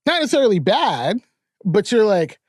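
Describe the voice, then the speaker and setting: A middle-aged man from New York, a podcast guest telling stories in a lively, profane, laughing way. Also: high-pitched, moderate pace, dry recording, studio quality. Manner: animated, profane storytelling with frequent laughter. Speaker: podcast guest, therapist and filmmaker. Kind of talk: casual storytelling interview.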